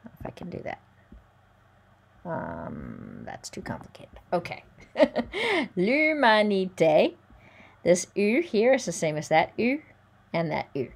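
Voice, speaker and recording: A woman teacher giving a careful pronunciation lesson. She says each French word slowly and distinctly, then explains it in plain English. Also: low-pitched, wildly swooping pitch, darkish tone, a little hiss or hum. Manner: sounds out French words slowly and clearly, then explains them. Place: recording at home or in a classroom with a virtual whiteboard.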